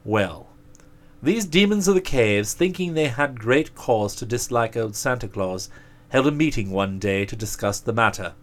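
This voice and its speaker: A man narrating a storybook aloud in a measured, expressive way. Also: fairly low pitch.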